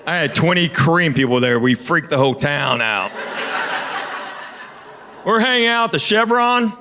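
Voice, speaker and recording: Recorded live with audience noise, this clip features a middle-aged Knoxville, Tennessee man doing relaxed stand-up and trading banter with the crowd. His expressive voice is a little high, and he talks at normal speed.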